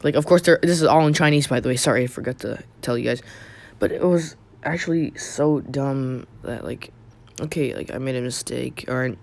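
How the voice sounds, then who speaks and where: A man's voice: medium pitch, a little fast, gravelly. A young man casually telling a personal story on his channel, rambling with many fillers and restarts. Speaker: YouTube storyteller.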